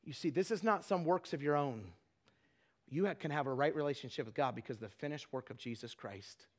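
A middle-aged man preaching a sermon with an altar call, earnest and repetitive, dropping to hushed tones for prayer. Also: on the high side, a little fast. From Twin Falls area, United States. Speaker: evangelist.

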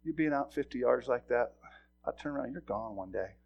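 A middle-aged male pastor preaching a sermon, telling a personal story in a folksy, animated way with sudden loud bursts. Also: medium pitch, a little fast, gravelly, muffled recording, faint music behind.

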